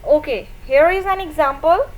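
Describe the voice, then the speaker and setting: A woman's voice: high-pitched, normal speed, rough recording. A woman teacher with a Pakistani English accent, patiently counting out syllables in a recorded lesson for young pupils. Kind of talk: recorded online class lesson.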